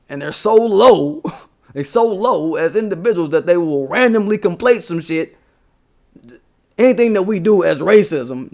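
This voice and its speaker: A man's voice: on the high side, vocal fry, a little mellow. Profane, emphatic man ranting live. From United States. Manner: profane, emphatic, laughing scornfully. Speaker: livestream host. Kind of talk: casual political rant.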